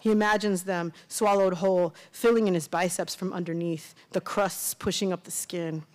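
A woman's voice: fairly low pitch, normal speed. Woman author reading her own fiction. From Miami, USA. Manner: steady, conversational storytelling.

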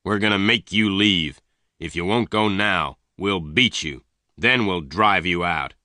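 A man's voice: sits low, unhurried, pushed and bright, no room sound, studio quality. A man voicing an angry, jealous village leader in a storybook reading. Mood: stern.

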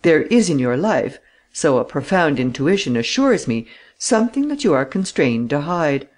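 A stern, relentless gentleman investigator, read by a man in a fairly high, measured voice that leans in hard on every question. He drops to a hushed, urgent murmur when confiding, then rises to a forceful demand. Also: very animated. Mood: insistent.

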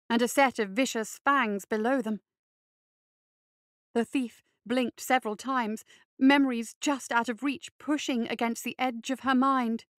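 A woman reading a fantasy story aloud in measured, even scripted narration. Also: a little high, dry recording, clean studio sound. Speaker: reader.

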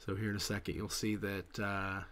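A man giving voice-over commentary on his poker hands, halting and full of fillers. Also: on the low side, monotone, a bit bright. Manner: halting, many fillers and restarts. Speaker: poker vlogger.

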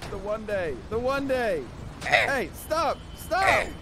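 A man's voice: very high-pitched, very animated, slow, noisy background. A man playing a driver in a game role-play, pleading and exasperated. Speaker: taxi driver player.

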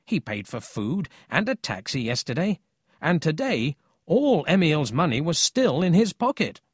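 A man's voice: on the high side, sing-song, normal speed, breathy edge, no echo, clean studio sound, voice pushed up. A man voicing a bold, outspoken schoolboy leader who speaks up indignantly.

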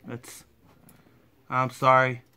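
Slow-talking man with a bright voice. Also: medium pitch, completely flat delivery, clean tone. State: hiccuping. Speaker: vlogger eating hot sauce. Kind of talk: casual on-camera chat.

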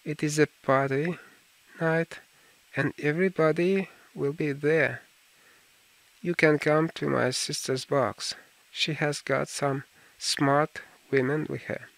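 A man voicing a cool, worldly aristocrat in an audiobook, measured and urbane in manner. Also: fairly high pitch, steady tone, gravelly, fairly bright tone, no room sound, exaggerated voice, poor audio. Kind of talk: audiobook character reading.

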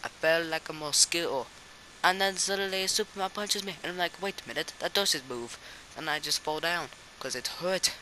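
A young man giving rambling, excitable comic voice-over narration about a backyard wrestling match, often stumbling and restarting. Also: fairly high pitch, moderate pace, slight background noise, rough recording.

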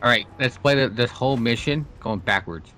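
A man's voice: medium pitch, a little fast, sharp tone, faint music behind. Joking young man on game chat. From Canada. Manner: joking, laughs often, teasing. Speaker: gamer. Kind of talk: casual co-op gaming chat.

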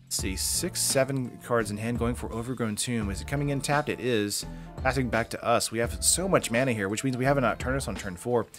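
Guy rattling off card game commentary real quick, loose and chatty with lots of uhs, faint music under it. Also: medium pitch. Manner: quick, casual, lots of fillers. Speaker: card game channel host. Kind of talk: deck breakdown and gameplay commentary.

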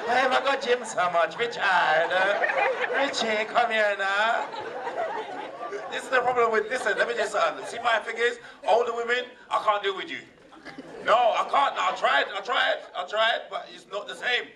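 A man's voice: high-pitched, moderate pace, a crowd in the background, noisy background. A man in his forties with a London accent doing stand-up, brash and swearing, teasing the audience. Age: 40s. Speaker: stand-up comedian. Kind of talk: stand-up comedy. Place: comedy theatre stage. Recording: amateur far-off camera in a loud crowded theatre.

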